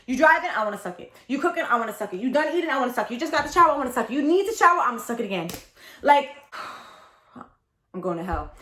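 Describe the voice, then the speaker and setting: A woman in her thirties telling a candid storytime confession, animated, dramatic and blunt, with lots of profanity. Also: high voice, fast, reverberant. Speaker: storytelling vlogger.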